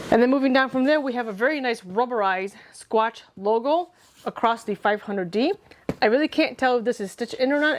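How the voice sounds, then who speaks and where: Female reviewer, higher pitch, methodical product walkthrough. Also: a little hiss or hum. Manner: detailed, methodical, self-correcting. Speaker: gear reviewer.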